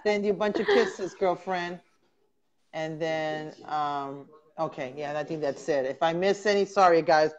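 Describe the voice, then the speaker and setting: A woman's voice: low-pitched, a little slow, darkish tone. A woman hosting a casual interview and reading viewer comments aloud in an affectionate, chatty way. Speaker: host. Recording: dull lo-fi live stream audio.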